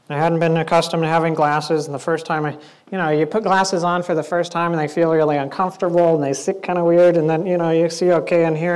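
Male pastor, sermon, high-ish voice, chatty, playful, acts out scenes. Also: smooth. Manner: conversational, playful preaching with acted-out asides.

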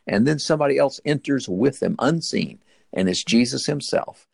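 Retelling a Bible story in sermon style, this man speaks at a moderate pace in a mid-range voice with lively intonation, vocal fry, a darkish tone, and a breathy edge. He tells it earnestly, his voice shooting up at dramatic moments, with no room sound.

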